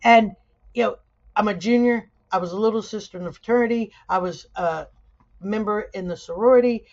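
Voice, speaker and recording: A middle-aged woman teaching sociology in a conversational video lecture, weaving personal stories with lively asides. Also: mid-range voice, brisk, dull audio. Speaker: sociology instructor.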